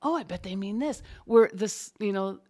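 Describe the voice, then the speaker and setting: A woman's voice: medium pitch, normal speed. A woman working as a closed captioner, talking casually and animatedly as a guest in an interview. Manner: chatty, animated storyteller.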